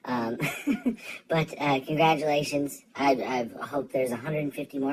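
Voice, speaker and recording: A man's voice: medium pitch, normal speed, a crowd in the background, low-quality recording. A man sending a rambling, joking congratulations video through a phone voice filter. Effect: voice filter from a phone app. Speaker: friend sending a video message. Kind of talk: casual recorded video message.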